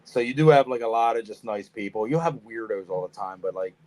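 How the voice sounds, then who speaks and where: A man's voice: on the low side, lively intonation, fairly quick, darkish tone. A man tells stories on a casual reptile podcast. He swears often and acts out each quote. His voice jumps around a lot as he gets worked up. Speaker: podcast co-host, snake breeder. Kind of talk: casual storytelling chat.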